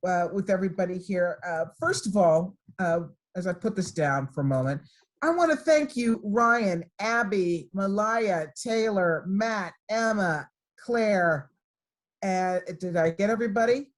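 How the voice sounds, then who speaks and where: A middle-aged woman, a guest speaker addressing students over a video call from her computer, warm and encouraging as she tells stories. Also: lowish voice, unhurried. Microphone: computer microphone on a video call.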